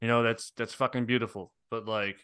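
Man, casual podcast chat, bright tone, dry close sound. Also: mid-range voice, flat delivery, fairly quick, smooth, no room sound. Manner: laid-back, says dude and man a lot. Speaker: podcast co-host.

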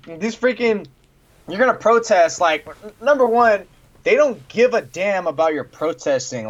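A man's voice: on the high side, moderate pace. A young man co-hosting a sports podcast, ranting in casual chat and laughing often. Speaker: podcast co-host. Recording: dull lo-fi sound.

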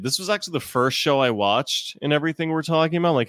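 A man co-hosting a casual podcast, thinking aloud in an animated way with quoted asides. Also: a little high, normal speed, hardly any pauses, dry recording. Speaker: podcast co-host.

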